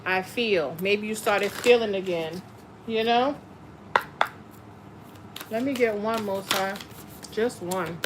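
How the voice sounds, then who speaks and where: A woman's voice: medium pitch, slow, long pauses, heavy background noise. A woman doing a tarot reading in a blunt, profane, casual way, sometimes reading passages aloud. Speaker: tarot reader. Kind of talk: casual spiritual chat and card reading.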